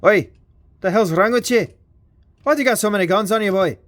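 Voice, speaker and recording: Man voicing a cheeky Scottish robot, gruff and higher-pitched than him, quick banter. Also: lightly acted. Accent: put-on Scottish. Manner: brash and teasing, improvised. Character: gruff male toy robot with a put-on Scottish accent.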